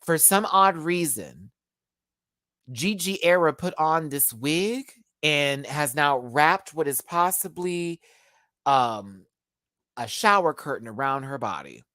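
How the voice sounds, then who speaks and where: Guy doing a live reality tv review, super expressive and cussing, dry close sound. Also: fairly high pitch, takes it slowly, dry recording. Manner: expressive, profane, swings between emotional and giggly. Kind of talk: casual live reaction review.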